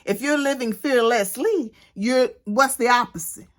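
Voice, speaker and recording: A woman talking casually to camera as a beauty vlogger, animated and playful, sometimes preaching, addressing viewers directly. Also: fairly high pitch, measured pace. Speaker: beauty vlogger and cosmetics consultant. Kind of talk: casual vlog chat.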